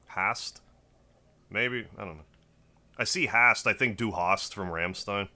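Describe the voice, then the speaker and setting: Male streamer, casual and chatty with viewers, sharp bright tone, slightly low voice. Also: slow pace, long pauses. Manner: chatty, greets viewers by name. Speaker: game streamer. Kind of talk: casual livestream chat. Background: faint game music.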